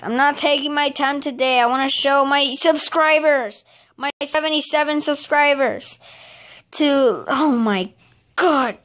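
A woman giving casual gameplay commentary as a channel host, frustrated and exclaiming at the game as she plays. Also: sits high.

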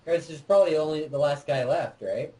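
A man co-hosting a let's play, chatting casually and excitedly while directing his partner through a game. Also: a little high, brisk, poor audio. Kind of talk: casual gameplay chat.

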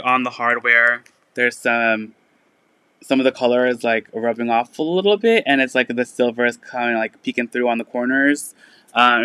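A man hosting a live resale stream, chatting casually and filling pauses with "like" and "um" while he shows items. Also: medium pitch, bright, forceful tone, smooth, no room sound. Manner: chatty, lots of "like" and "um" fillers. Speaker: online resale seller.

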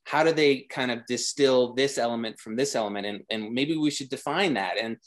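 A man's voice: mid-range voice, brisk. A man talking as a guest designer in a casual interview, rambling with many restarts and growing enthusiastic.

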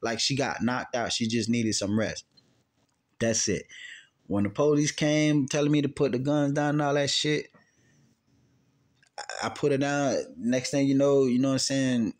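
Man, casual storytelling, swearing, rambling, loud then quiet. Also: fairly even intonation, normal speed, long pauses. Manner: profane, rambling, swings from loud outbursts to low quiet recounting. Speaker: channel host answering questions.

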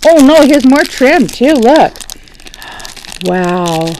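Gushing woman unboxing gifts, lively pitch. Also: drawn-out words, long pauses, a little hiss or hum, rough recording. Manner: gushing, gasping, often drops to a hushed whisper. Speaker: crafting vlogger. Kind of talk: casual unboxing vlog. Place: home, at a dining table.

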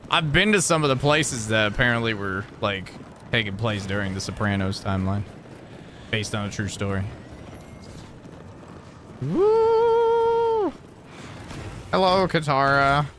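A man's voice: fairly low pitch, lively intonation, moderate pace, sharp tone, slight background noise. A man from New Jersey chatting playfully while streaming a video game. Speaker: gaming streamer. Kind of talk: casual live-stream commentary.

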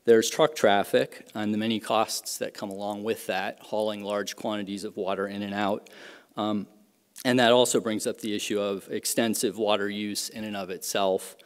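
A middle-aged man, an economics professor, giving a measured academic lecture with frequent fillers and restarts. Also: lowish voice, little pitch movement, smooth. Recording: reverberant lecture hall.

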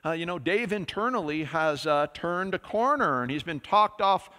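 Male pastor, relaxed conversational preaching, bright slightly high voice, long church-hall reverb. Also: moderate pace. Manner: conversational preaching with many fillers. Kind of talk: sermon. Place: church sanctuary.

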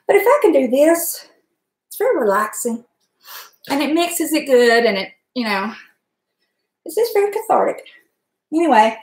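Chatty woman in an echoey kitchen. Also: on the high side. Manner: chatty, rambling, talks to viewers by name. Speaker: cooking vlogger. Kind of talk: casual chat while cooking. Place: home kitchen.

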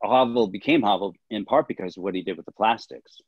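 A man's voice: on the low side, fast talker, breathy edge, dry recording. A man, a film director and historian, answering interview questions in an earnest, explanatory way.

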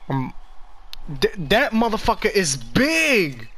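A man casually commenting while playing a video game, excitable and swearing a lot. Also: sits high, slow pace. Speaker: gamer.

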